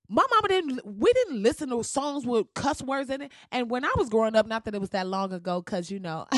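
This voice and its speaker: A woman ranting in a blunt, profane and sassy way as she comments on someone else's video, with sudden jumps in pitch. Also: dry recording, studio quality. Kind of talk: casual reaction rant.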